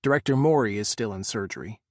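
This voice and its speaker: A man voicing an exhausted male Secret Service agent, speaking low, measured and somber. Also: expressive, darkish tone, no room sound, studio quality. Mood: grim.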